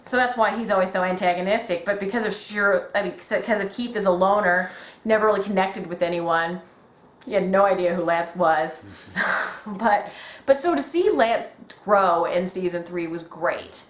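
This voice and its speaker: Woman, casual fan chat, excitable and gushing, mid pitch, echoey room. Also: moderate pace. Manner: excitable, gushing, often acts out quotes. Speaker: podcast co-host.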